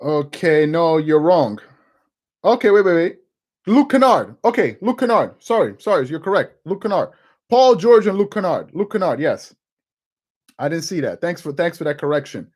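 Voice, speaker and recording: A man hosting a live sports talk stream, his pitch swinging widely as he gets worked up over the numbers. He talks loosely, doubling up on words and breaking off to answer the chat. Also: sing-song, normal speed. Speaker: sports talk show host.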